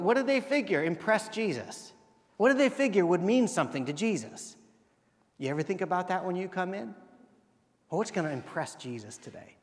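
High-voiced pastor preaching in an echoing hall. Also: male voice. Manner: conversational, asks rhetorical questions and acts out quotes. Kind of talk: sermon. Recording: long reverb of a large hall.

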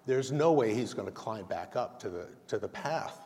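A man's voice: on the low side, expressive, moderate pace, hardly any pauses, darkish tone. A man giving a conversational sermon as a lay preacher, telling stories with self-deprecating humor. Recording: long reverb of a large hall.

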